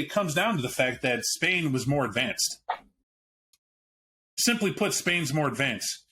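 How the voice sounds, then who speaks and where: With a sharp tone at medium pitch, the podcast host talks about a tabletop game book over a faint hiss or hum. His manner is casual and frank; he swears occasionally and keeps restarting sentences as he thinks aloud.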